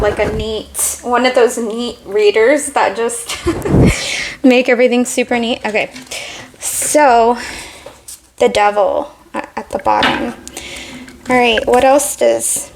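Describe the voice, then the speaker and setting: A woman's voice: a little high, noisy background. Slightly breathless woman reading tarot. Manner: rambling, heavy on "like" and restarts. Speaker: tarot reader. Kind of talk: casual spoken tarot reading to camera.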